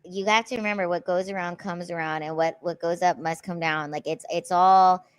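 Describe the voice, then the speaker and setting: A woman's voice: lowish voice, steady tone, moderate pace, smooth, no room sound. Earnest, supportive woman, dry sound. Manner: earnest and supportive, many restarts. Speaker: guest, comedian friend. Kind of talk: casual podcast conversation.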